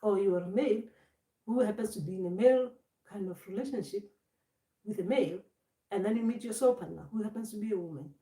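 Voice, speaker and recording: A woman with a medium-pitched, mellow voice talks quickly, far from the mic in an echoey room. She's a spiritual teacher giving an informal talk, rambling, repeating and restarting words, and acting out voices as she explains her point.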